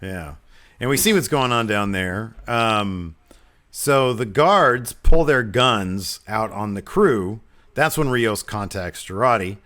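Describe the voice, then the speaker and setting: Man, podcast co-host, fairly low voice, casual recap, step by step, filler-heavy. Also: animated, a bit bright. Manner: recaps plot step by step with many ums and quick quoted lines.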